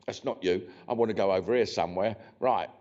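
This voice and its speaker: A man's voice: lowish voice, fairly quick, a little mellow. A man giving a live mediumship demonstration in a church, chatty and joking with the congregation. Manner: chatty, joking, cheeky, restarts often. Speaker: spiritualist medium. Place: church hall. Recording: dull lo-fi sound.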